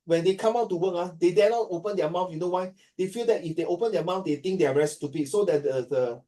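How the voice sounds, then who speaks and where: A man's voice: high voice, fast talker, dark tone, distant mic. A man from Singapore with a Singaporean accent, teaching a class in a joking way and mixing English with Chinese.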